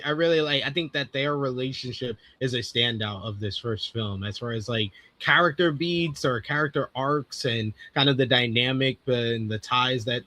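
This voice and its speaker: A young man co-hosting a casual film review, halting and full of restarts as he gives opinions. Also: mid-range voice, pushed and bright. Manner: halting, many restarts and fillers. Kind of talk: casual podcast chat.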